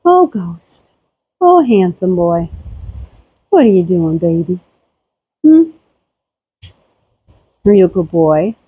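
A woman talking casually while doing farm chores outdoors around a barn, cooing at her animals in a high baby-talk voice. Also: big pitch swings, slow pace, pauses often, breathy edge, dry recording, narrow, tinny audio. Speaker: homesteader vlogger. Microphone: handheld camera.

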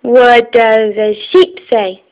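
A woman's voice: on the high side, fairly even intonation, takes it slowly, highs cut off. A mother patiently prompting her toddler with simple words and animal sounds, in a sing-song way on a home phone video.

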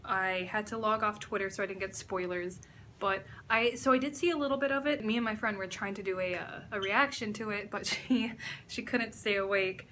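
A young woman filming a casual reaction vlog indoors at a friend's house, excitable and gushing and swearing freely. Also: mid-range voice, fairly quick, a little hiss or hum. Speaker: reaction vlogger.

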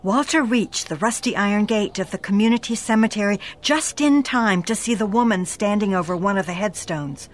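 A woman narrating a scripted ghost story in a dramatic manner, slowing down for suspense. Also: mid-range voice, a little hiss or hum.

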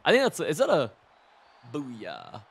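Excitable young man narrating gameplay. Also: on the high side, unhurried, vocal fry, slightly rough. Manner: excitable, chatty, swears and laughs often. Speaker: gaming streamer. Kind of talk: live gameplay commentary.

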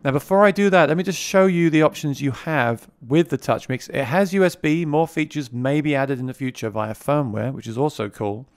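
A man's voice: fairly high pitch, a little fast, few pauses, smooth, dry recording, studio quality. A man giving a casual product demo, talking into a vocal mic routed through the mixer he is reviewing, chatty and repeating words as he restarts. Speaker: gear reviewer. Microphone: vocal mic routed through the mixer being reviewed.

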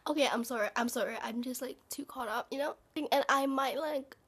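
A woman's voice: high voice, fairly quick, fairly bright tone, breathy edge. A teenage girl vlogging casually to the camera, gushing with dramatic exclamations and sometimes dropping into a whisper. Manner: drops into a whisper at times.

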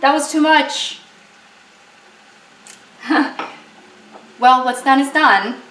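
A woman's voice: sits high, drawn-out words, fairly bright tone, recorded from a distance. A young woman chatting casually while she cooks in her home kitchen, rambling and joking with many fillers. There is no separate microphone. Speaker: vlogger. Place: home kitchen, cooking at the stove. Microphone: camera mic, no separate microphone. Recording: roomy, off-mic kitchen with stove sizzle.

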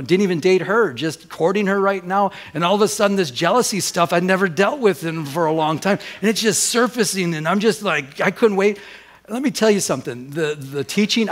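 A middle-aged man preaching a sermon as a pastor, telling a personal story with lively acted-out dialogue and many restarts. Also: high voice.

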